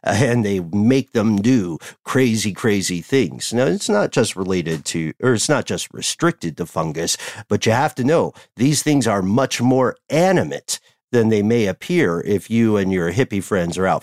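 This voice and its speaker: A man's voice: on the low side, expressive, normal speed, a little mellow, dry recording, studio quality. A man co-hosting a casual chat podcast, rambling, punning and laughing easily. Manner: wordplay-loving, digressive, laughs easily. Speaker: podcast co-host.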